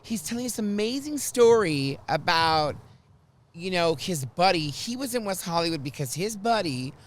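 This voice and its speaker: A man hosting a podcast in casual chat, an animated storyteller who acts out quotes loudly. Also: high-pitched, moderate pace. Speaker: podcast host.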